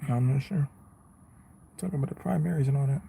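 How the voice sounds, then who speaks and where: A man's voice: medium pitch, fast, gravelly, dark tone, a little hiss or hum. A man, chatting casually with his viewers on a live stream from his car, laid-back and rambling, calling people bro and man. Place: inside a car.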